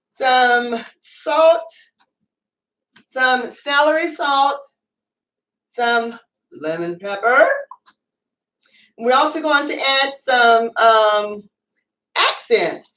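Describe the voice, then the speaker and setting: High-voiced woman hosting a home cooking show. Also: a bit bright, distant mic. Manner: chatty, rambling, many fillers. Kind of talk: casual cooking demonstration. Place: home kitchen. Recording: echoey room, away from the mic.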